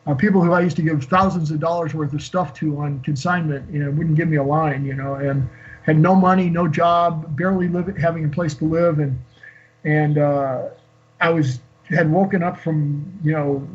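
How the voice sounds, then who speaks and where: A man in his sixties, a guest on an interview show, telling an emotional personal story in a halting way with many fillers and restarts. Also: fairly high pitch, steady tone. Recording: dull lo-fi call audio.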